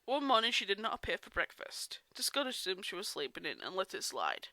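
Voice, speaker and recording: A woman's voice: medium pitch, wildly swooping pitch, brisk, bright, forceful tone, no echo. Chatty woman reading a story aloud. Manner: chatty asides, self-interrupting. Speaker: reader of fan fiction. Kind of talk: casual storybook read-aloud.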